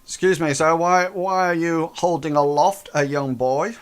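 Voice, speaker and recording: A man's voice: fairly high pitch, fairly even intonation, measured pace, clear, resonant tone, lightly acted. A man voicing a formal, courteous male town guard.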